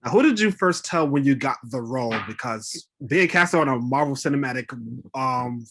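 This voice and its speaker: A man's voice: mid-range voice, animated, normal speed, a bit bright. A man interviewing an actor, asking questions with many fillers and laughing along.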